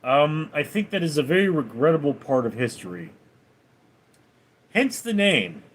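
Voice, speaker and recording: A man's voice: a little high, big pitch swings, normal speed. A man hosting a casual livestream, reading viewer messages aloud and giving wry, blunt replies from home. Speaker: livestream host reading chat.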